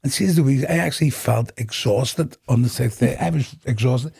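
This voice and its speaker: This middle-aged guest from Northern Ireland shares his personal story on a podcast, animatedly acting out conversations and laughing along the way. His accent is Northern Irish, and his mid-range voice is gravelly and husky at normal speed.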